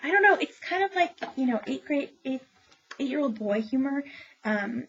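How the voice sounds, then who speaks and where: A woman's voice: high-pitched, expressive, moderate pace, fairly bright tone, highs cut off, a little hiss or hum. A woman librarian chatting through book reviews with lots of ums and opinionated asides. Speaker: librarian reviewing new children's books. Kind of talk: casual book review talk.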